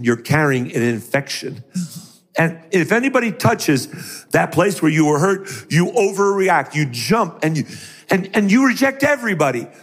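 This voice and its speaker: A man's voice: on the high side, breathy edge, long reverb tail. A middle-aged man preaching a sermon who acts out the voices of the people in his stories. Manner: animated, acts out voices in quotes.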